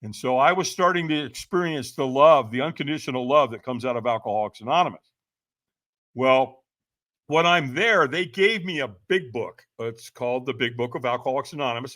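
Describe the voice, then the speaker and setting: There's no echo on this clip of a man in his sixties with a fairly high-pitched voice. As a podcast guest, he animatedly tells his personal story and does voices for the people in it.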